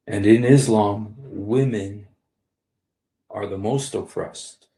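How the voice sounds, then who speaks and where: A man in his sixties talks slowly in a low, gravelly voice, giving casual commentary on a livestream. He rambles, repeats his key lines and speaks straight to his viewers. The room around him sounds echoey. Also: steady tone, mellow. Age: 60s. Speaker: live streamer. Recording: roomy echo.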